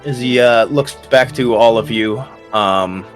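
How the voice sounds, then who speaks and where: A man's voice: medium pitch, a little slow, hardly any pauses. A man narrating as game master of a tabletop horror campaign, talking loosely with lots of fillers, with faint music in the background.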